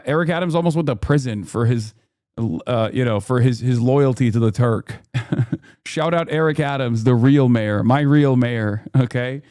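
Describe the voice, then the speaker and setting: Male streamer, sarcastic ranter, pitch sits a touch high; jumps loud when mocking. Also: dry recording, studio quality. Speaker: streamer reacting to clips. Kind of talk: casual profane commentary.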